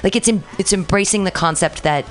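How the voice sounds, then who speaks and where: Loud, effusive woman comedian. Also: mid-range voice, fairly quick. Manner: effusive, animated, loud storytelling. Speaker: comedian guest. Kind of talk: casual podcast chat.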